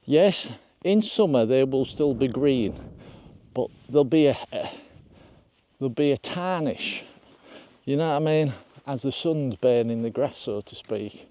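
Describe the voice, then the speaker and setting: A man's voice: medium pitch, animated, unhurried, warm tone. Older man chatting on a moorland hike. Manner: chatty, rambling, self-deprecating, addresses viewers directly. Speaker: hiking vlogger. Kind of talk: casual walk-and-talk vlog. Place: outdoors on open moorland, windy hilltop.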